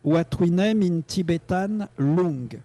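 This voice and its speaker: A man's voice: sits high, slow, mellow, a little hiss or hum. A man with a French accent teaching meditation in a live online class over a video call, repeating his key phrases earnestly and chuckling often.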